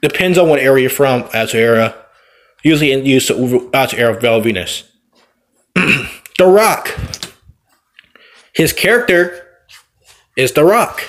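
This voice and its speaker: A man's voice: mid-range voice, lively intonation, unhurried, pauses often, fairly bright tone. A man, a wrestler, giving a casual, rambling opinion vlog while playing a game, often backtracking and correcting himself. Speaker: wrestler and vlogger.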